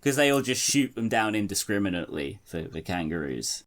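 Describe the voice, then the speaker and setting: A man's voice: on the low side, very animated, a little fast, fairly bright tone. A man co-hosting a comedy podcast, chatting casually and swearing while laughing through his jokes. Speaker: podcast co-host.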